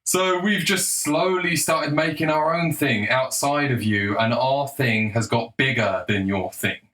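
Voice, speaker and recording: A man's voice: medium pitch, a little slow, fairly bright tone, low-quality recording. A young man giving a blunt, combative, sarcastic opinion monologue, swearing freely. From England. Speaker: political commentator.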